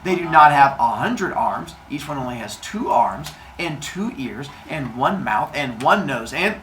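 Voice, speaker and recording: A man's voice: mid-range voice, sing-song, unhurried, a bit bright, a little hiss or hum. A man teaching a class of children, retelling a myth in a playful, jokey way with silly sound effects. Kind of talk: storytelling lesson to children.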